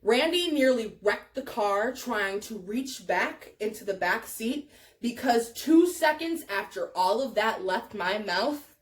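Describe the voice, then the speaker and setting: High-voiced woman telling a wild story. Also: slow. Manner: profane, animated storytelling. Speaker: vlogger. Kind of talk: storytime vlog.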